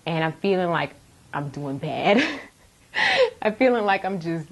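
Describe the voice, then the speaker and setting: Young female nursing student, low register, candid animated testimony. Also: a little slow. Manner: candid, animated storytelling with laughs. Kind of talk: personal testimony.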